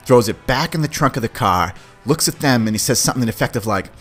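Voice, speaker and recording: Animated man telling a story. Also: mid-range voice, fairly quick. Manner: animated, swears, acts out quoted voices. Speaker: podcast host. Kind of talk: casual storytelling. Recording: faint music behind.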